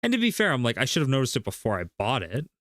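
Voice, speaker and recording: A man's voice: medium pitch, wildly swooping pitch, racing, fairly bright tone, no echo, clean studio sound. A man streaming, telling a story in casual chat, rambling and full of fillers.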